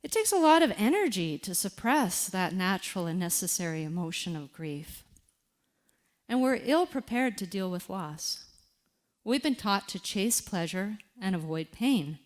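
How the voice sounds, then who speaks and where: A woman giving a reflective talk on grief, speaking deliberately and guiding listeners through a quiet exercise with pauses. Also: medium pitch, sing-song. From Canada.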